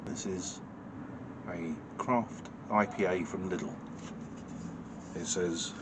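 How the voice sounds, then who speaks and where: A man from the United Kingdom reviewing a beer in a casual vlog, talking in a dry, understated way with many pauses and fillers. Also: sits low, steady tone, background noise.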